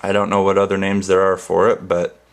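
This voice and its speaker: A man's voice: deep voice, completely flat delivery, a little fast, clear, resonant tone. A young American man rambling casually in a vlog, playful and goofy, trying words out over and over. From United States. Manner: goofy, playful, repeats words in different ways. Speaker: ASMR channel host.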